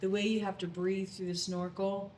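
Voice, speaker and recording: A woman's voice: mid-range voice, level tone, moderate pace, a little mellow. Female co-host, playful and chatty, echoey room with faint hiss. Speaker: podcast co-host. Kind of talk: casual chat.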